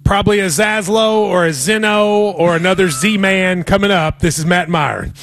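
A man's voice: high voice, fairly bright tone. A man hosting a sports radio show, chatting casually and joking about picks. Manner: wry, joking, quick picks.

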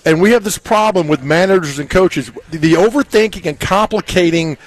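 A man hosting a casual sports talk show, telling stories and acting out quotes with big jumps in pitch. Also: fairly quick. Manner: animated storyteller, acts out quotes. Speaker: sports radio host.

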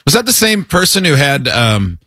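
A man's voice: a little high, big pitch swings, normal speed, sharp tone, dry recording. A man hosting a party game in casual comedy chat, teasing and joking. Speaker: host running a party game.

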